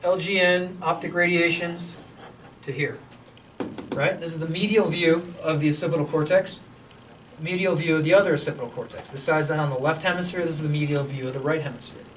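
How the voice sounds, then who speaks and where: A man's voice: fairly high pitch, fairly even intonation, fairly quick, a bit bright. Casual, joking male lecturer. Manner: casual, joking, checks in with students. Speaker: university lecturer. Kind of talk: classroom lecture. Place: lecture hall. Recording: distant mic with faint room hum.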